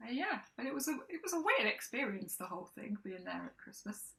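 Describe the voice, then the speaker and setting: Woman, co-host; bright, giggly storyteller who trails off and restarts. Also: fairly high pitch, sing-song, a little fast, vocal fry, rough recording. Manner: laughs often, trails off and restarts. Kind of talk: casual chat.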